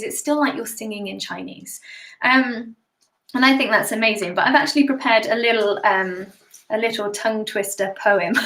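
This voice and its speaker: British woman, high voice, bright tone, giggly live-stream chat, echoey room. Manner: chatty, giggly, reads out viewer comments. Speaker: singer hosting a live stream.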